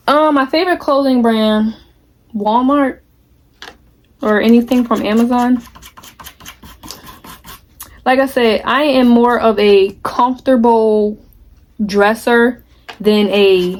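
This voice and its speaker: A candid, chatty American vlogger in her twenties talks directly to viewers while working on a craft project. Her slightly higher voice stays relaxed and unscripted, unhurried and dotted with long pauses, in a casual crafting chat.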